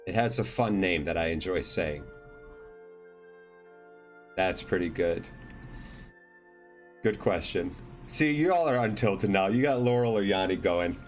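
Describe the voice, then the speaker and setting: A man's voice: low voice, animated, measured pace, pauses often. A man hosting a live online trivia show in a loose, joking way, teasing teams and handing out points, with faint music behind him. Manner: jokey, loose, teasing players by team name. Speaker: trivia quiz host. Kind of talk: casual live quiz hosting.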